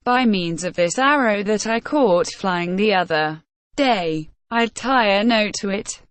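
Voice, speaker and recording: A woman's voice: mid-range voice, lively intonation, unhurried, clean tone, no echo, lightly acted. A woman voicing a plain-spoken, deferential young male servant in a spoken storybook. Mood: earnest.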